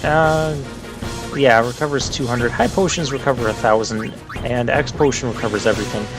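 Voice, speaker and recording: A man giving casual gameplay commentary, chatty and wry with a lightly sarcastic edge. His voice has a gravelly fry, sitting at an average pitch. Clear game music plays behind him. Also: normal speed. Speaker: let's play host.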